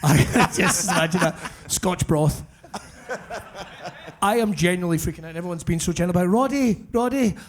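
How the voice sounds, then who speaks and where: Animated Scottish man telling a tall tale. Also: high voice, brisk, long pauses. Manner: animated comic storyteller, swearing freely. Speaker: podcast co-host. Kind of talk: live podcast storytelling. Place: brewery event space with live audience.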